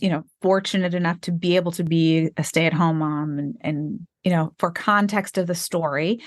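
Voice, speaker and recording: Woman in her forties, podcast guest, low voice, candid storytelling, dry close recording. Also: no echo. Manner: animated, acts out quoted dialogue.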